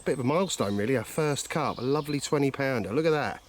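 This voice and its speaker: Outdoors by a lake, this carp-fishing vlogger records on a handheld camcorder, talking fast in a mid-range voice with slight background noise. His casual chat is chatty and jokey, and he pokes fun at himself as he fishes.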